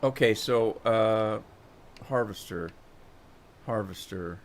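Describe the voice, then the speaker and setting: A man's voice: fairly low pitch, slow, a little hiss or hum. A man casually chatting with his live stream viewers while playing a farming game, rambling with lots of fillers and asides to chat. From Pacific Northwest of the United States.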